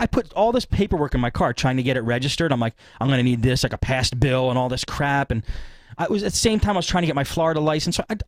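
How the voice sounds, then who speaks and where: Male podcast host, animated anecdote teller, fast delivery, dry mic. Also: fairly high pitch, dry recording. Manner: rambling, animated retelling with acted-out quotes. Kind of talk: casual storytelling.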